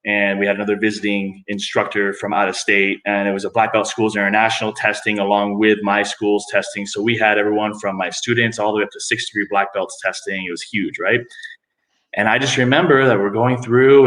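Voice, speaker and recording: A middle-aged man, a guest on a podcast interview, telling stories in a relaxed, animated way and often putting on higher voices when he quotes people. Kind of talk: casual storytelling in a podcast interview. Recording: echoey room.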